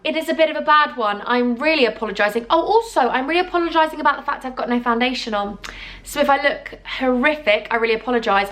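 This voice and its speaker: Young girl doing a chatty storytime vlog, kinda high voice, goes squeaky when she quotes herself. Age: young adult. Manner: chatty, giggly, jumps between loud put-on quotes and asides. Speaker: YouTuber.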